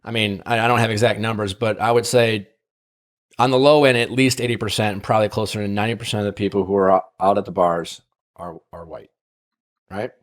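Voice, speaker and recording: A man's voice: on the low side, steady tone, a little fast. A man hosting a podcast, casually telling a long personal story, full of fillers and tag questions. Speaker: podcast host.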